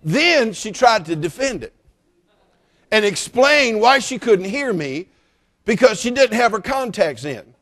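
Man, middle-aged, preacher, church service, joking, teasing, fairly high-pitched. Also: big pitch swings, a little slow. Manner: teasing, joking, rises to loud exclamations. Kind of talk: sermon with humorous asides.

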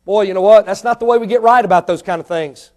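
God speaks firmly, patiently explaining the right way to make amends, as a male preacher acts him out. The voice is very high. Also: fast, darkish tone, lightly acted. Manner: firm, explaining. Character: God correcting a believer, male, firm.

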